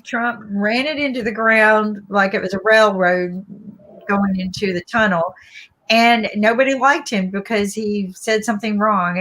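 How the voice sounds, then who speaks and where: Southern woman, casual political talk show guest, opinionated and animated, mid-pitched voice. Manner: animated, opinionated, quick restarts.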